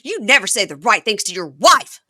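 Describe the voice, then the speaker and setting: A woman doing an impression of a furious wife who yells accusing, profane lines at her husband. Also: mid-range voice, very animated, a little fast, dry recording, clean studio sound, voice pushed up. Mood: sarcastic, scolding.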